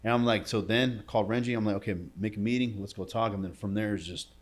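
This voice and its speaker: Guy with a lowish voice telling a story in a podcast, casual, says bro and dude a lot. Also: fairly even intonation, fast. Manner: emotional storytelling, often drops to a quiet low voice. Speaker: entrepreneur guest.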